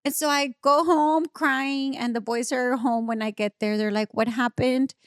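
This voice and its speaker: Podcast guest: woman, high voice, dry studio sound, animated storyteller who laughs a lot. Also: moderate pace, smooth, dry recording. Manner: animated, laughing, switching between English and Spanish. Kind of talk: casual storytelling chat.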